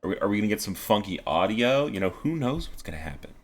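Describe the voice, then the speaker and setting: An esports caster covers an amateur league on a live stream, chatting casually and doing playful, mock-formal sponsor reads. His voice is fairly low and sing-song, and he talks quickly.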